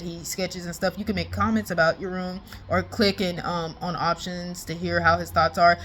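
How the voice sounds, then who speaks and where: A woman chatting casually as if on a call with a friend, excited and slangy, rambling and laughing often. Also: mid-range voice. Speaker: vlogger.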